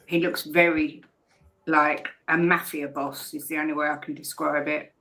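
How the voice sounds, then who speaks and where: A man's voice: a little high, level tone, normal speed, sharp tone, low-quality recording. A man on a football fan panel, jokey and easygoing. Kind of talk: casual fan show chat.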